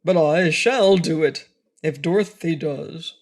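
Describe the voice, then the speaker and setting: A woman voicing a timid male lion in a storybook reading, speaking loudly and quavering as if near tears. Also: low-pitched, slow pace, heavily acted. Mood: fearful.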